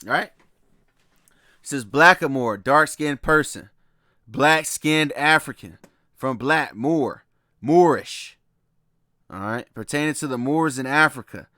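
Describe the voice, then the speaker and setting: A man's voice: mid-range voice, slow pace, long pauses, sharp tone, no room sound, clean studio sound. A man giving a casual lecture from slides, loose and repetitive, often laughing and checking in with his listeners. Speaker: presenter walking through slides.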